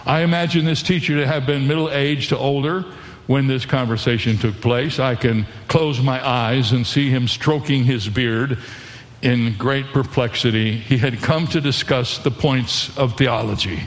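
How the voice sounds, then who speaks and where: A man's voice: mid-range voice, a little slow. Guy giving a radio sermon, earnest, chuckles here n there, long reverb on it. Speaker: pastor.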